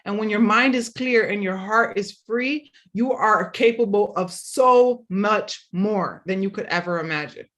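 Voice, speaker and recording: A woman's voice: medium pitch, unhurried, hardly any pauses, fairly bright tone. A woman hosting a casual motivational talk, earnestly encouraging listeners directly. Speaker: podcast host.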